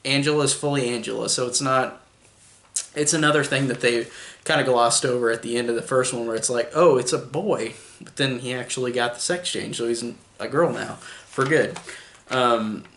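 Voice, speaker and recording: A man's voice: medium pitch, fairly bright tone. Rambling man reviewing a movie. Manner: rambling, full of "like" and restarts, chuckling. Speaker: film reviewer. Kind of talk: casual spoken movie review. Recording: echoey room.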